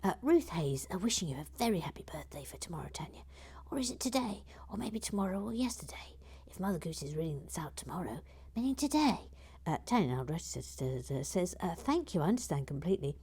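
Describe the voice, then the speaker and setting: A woman hosting a live building stream, chatting casually in a soft, often half-whispered voice as she reads out viewer comments. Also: fairly low pitch, sing-song, fairly quick, few pauses, husky.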